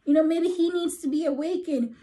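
A woman voicing a mocking male prophet who taunts rival priests, shouting in a high, stretched-out voice. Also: fairly quick, lightly acted. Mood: taunting.

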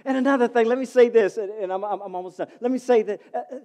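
A middle-aged man preaching a sermon as pastor, calling out to the congregation and swinging from loud to soft. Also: very high-pitched, fast. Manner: calls to the congregation.

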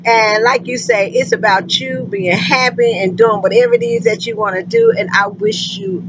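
A woman's voice: fairly high pitch, steady tone, normal speed, dull audio, noisy background. A woman, a trucking vlogger chatting casually to her viewers, full of endearments like honey and girl.

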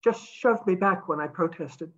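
A woman's voice: lowish voice, moderate pace, highs cut off, close to an everyday voice. A woman reading aloud, voicing a determined young woman who talks urgently and pleads.

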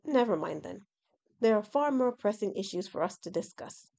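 A woman's voice: mid-range voice, animated, normal speed, vocal fry, dark tone. Proud male dragon, lofty and condescending, old-fashioned talk; woman reader voicing. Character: proud haughty male dragon, scornful of humans.

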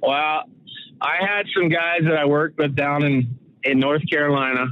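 A man from Saskatchewan calls in as a guest, and his voice comes through a thin, phone-like line. He rambles easily from one story to the next and laughs often, sitting a little high in his range. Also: steady tone, moderate pace. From Canada, Saskatchewan. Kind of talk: casual interview over the phone. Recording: phone-like narrow sound.

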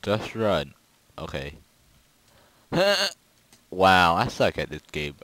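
A man giving casual, rambling gameplay commentary with goofy, excitable outbursts. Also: deep voice, slow pace, low-quality recording. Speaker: gaming video creator.

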